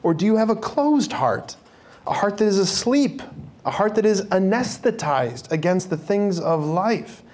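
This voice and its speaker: A man doing a playful impression of an elderly pope with a put-on accent, slowly and insistently urging his listeners. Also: high voice, expressive, a little mellow, voice pushed up. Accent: put-on Italian-Spanish style accent. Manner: slow, insistent, pleading repetition. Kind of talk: playful impression within a talk.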